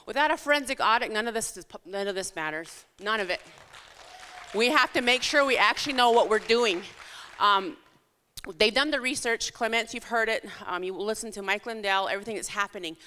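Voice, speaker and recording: A woman's voice: medium pitch, brisk, sharp tone, smooth. A woman giving an urgent, pleading campaign speech in a church hall. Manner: urgent, pleading, grows tearful. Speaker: political candidate. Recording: echoey hall with long reverb.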